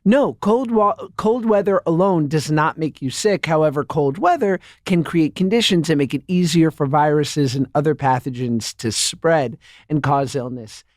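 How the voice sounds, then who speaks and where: A man's voice: a little high, moderate pace, few pauses, dry recording, clean studio sound. A man hosting a podcast in casual chat, playful and joking. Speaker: podcast host.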